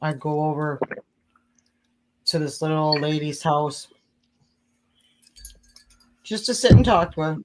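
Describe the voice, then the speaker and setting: A woman co-host in casual chat, telling a childhood memory in a relaxed way. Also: deep voice, unhurried, pauses often, noisy background.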